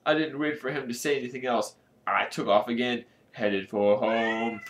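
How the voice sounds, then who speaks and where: A man casually reading a storybook aloud, with a lively delivery and joking asides. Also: medium pitch, normal speed, a little hiss or hum. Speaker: channel host reading aloud.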